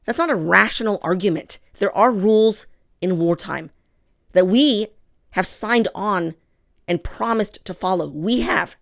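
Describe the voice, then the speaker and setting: A woman's voice: medium pitch, unhurried, creaky. A woman hosting a political commentary show, talking straight to her listeners with strong feeling and heavy emphasis. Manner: impassioned, emphatic, addresses listeners as "people". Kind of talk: commentary monologue to camera.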